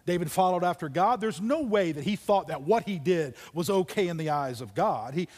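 A man preaching a sermon, telling a story with dramatic pauses and dropping to near whispers for emphasis. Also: high-pitched, lively intonation, darkish tone, long reverb tail. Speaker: pastor. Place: church auditorium.

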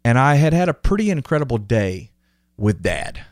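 A man's voice: mid-range voice, normal speed, no room sound, clean studio sound. Earnest man telling personal stories. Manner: earnest, emotional, animated retelling of quotes. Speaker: podcast host. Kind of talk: casual conversational storytelling.

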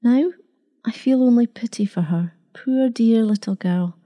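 A woman voicing a tender, unsure young wife in a storybook reading, husky and half-whispered. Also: fairly high pitch, measured pace, highs cut off, close to an everyday voice. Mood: tearful.

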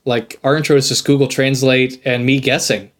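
A man's voice: mid-range voice, level tone, moderate pace. A man co-hosting a podcast, teasing his partner in casual chat. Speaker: podcast co-host.

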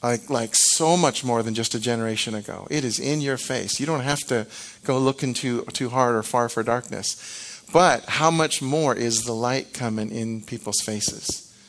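Animated middle-aged male preacher. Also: mid-range voice, moderate pace. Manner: animated, acts out quoted reactions, frequent restarts. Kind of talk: sermon.

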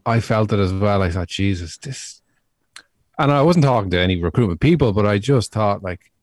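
A man's voice: on the low side, no room sound, studio quality. A man with an Irish accent, co-hosting a podcast and chatting casually, with frequent halts and restarts. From Ireland. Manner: halting, self-correcting, relaxed. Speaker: podcast co-host. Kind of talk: casual chat.

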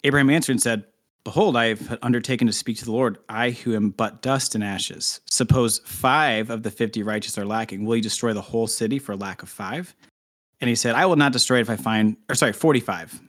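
A man of ordinary pitch reads a scripture passage aloud on a casual podcast. He keeps it light, breaking off for jokes and laughing between verses. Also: brisk, fairly bright tone. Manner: playful, laughing, jokey asides while reading. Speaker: podcast co-host reading scripture. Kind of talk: casual chat with scripture reading.

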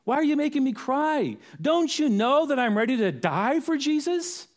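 A man's voice: extremely high pitch, expressive, normal speed, pitched above the performer's own voice. A man voicing the apostle Paul as a fervent, impassioned man ready to die for his faith. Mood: pleading, fervent. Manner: pleading, impassioned.

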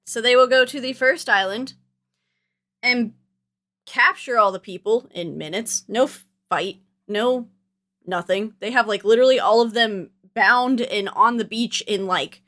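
A woman's voice: a little high, a little slow, fairly bright tone. A woman co-hosting a podcast, chatting casually as she retells a movie plot, filling gaps with "like" and "um". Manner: chatty, storytelling, fills gaps with "like" and "um". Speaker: podcast co-host. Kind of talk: casual movie recap chat.

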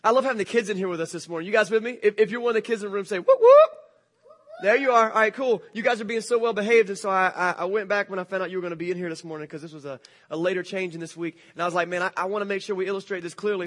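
A high-voiced male pastor tells the story in a loose, joking, animated way. He speaks to a church congregation that includes children. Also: racing, few pauses. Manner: casual, jokey, animated retelling. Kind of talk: sermon storytelling.

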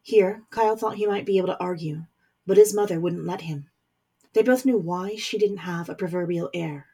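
A woman reading a story aloud as narrator, in measured scripted narration. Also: on the low side, dark tone, slightly rough.

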